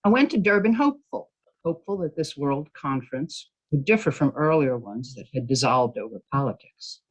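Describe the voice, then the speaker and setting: A man's voice: medium pitch, expressive, moderate pace, poor audio. Man giving earnest panel remarks. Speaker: panel speaker.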